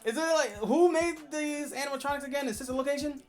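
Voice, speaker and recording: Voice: high-pitched, fast talker, a little mellow, faint music behind. A streamer chatting casually on a livestream, rambling with lots of fillers and restarts.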